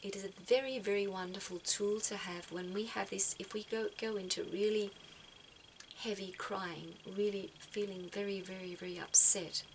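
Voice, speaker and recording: Soft-spoken woman giving gentle advice. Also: mid-range voice, steady tone, normal speed, slight background noise, poor audio. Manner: soft-spoken, repeats words as she thinks. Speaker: spiritual vlogger giving advice. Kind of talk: gentle reflective talk.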